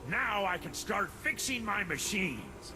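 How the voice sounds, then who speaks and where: A man's voice: high-pitched, wildly swooping pitch, measured pace, exaggerated voice. A man voicing a friendly male mechanic in a video game, thanking the hero over game music. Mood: grateful. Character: cheerful male mechanic with a toolbox. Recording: game audio with loud music behind.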